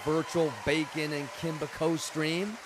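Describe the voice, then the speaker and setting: A young man live-streaming in a loose, rambling way, chatting casually and shouting out viewers by name. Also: a little high, level tone, a little slow, noisy background. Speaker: livestreamer.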